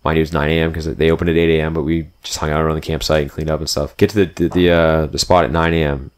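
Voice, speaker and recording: In casual, rambling podcast chat, a young man with a bass voice races through a road trip story. The tone is clean, and he's animated, sprinkling in plenty of "like" and "dude".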